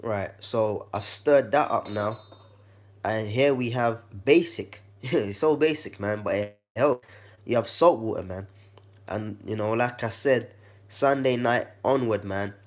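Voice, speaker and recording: A vlogger with a fairly low, slightly croaky and congested voice gives a laid-back how-to demonstration in his kitchen. He speaks at a measured pace and addresses the viewer like a friend.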